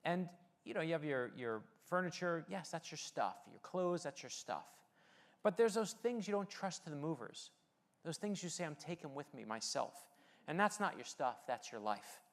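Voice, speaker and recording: A man's voice: a little high, sing-song, moderate pace. A middle-aged man from the United States delivering a motivational speech, telling personal stories with light humor and rallying the audience. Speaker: keynote speaker and novelist.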